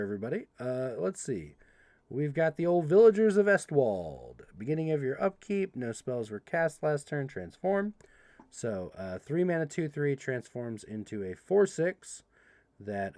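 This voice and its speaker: A young man hosting a livestream, casually reading card text aloud and joking with chat in an animated way. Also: medium pitch, no room sound. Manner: animated, reads card text quickly, playful asides to chat. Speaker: livestream host opening card packs.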